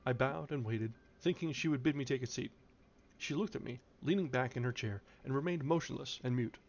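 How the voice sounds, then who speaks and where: A man reading a classic novel aloud on a stream, at a measured pace with occasional stumbles and restarts. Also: medium pitch, vocal fry, muffled recording, slight background noise. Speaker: reader, streamer.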